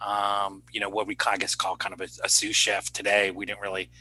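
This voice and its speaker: A man's voice: lowish voice, monotone, brisk, bright, forceful tone, husky, rough recording. A middle-aged man, a cardiologist and chef, telling stories as a guest in a casual interview, rambling and self-deprecating with many fillers.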